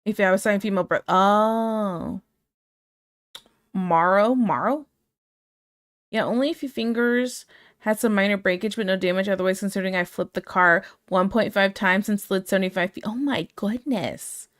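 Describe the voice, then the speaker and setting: A woman's voice: medium pitch, brisk, fairly bright tone. A woman streaming casually, chatting and laughing as she reads out her chat.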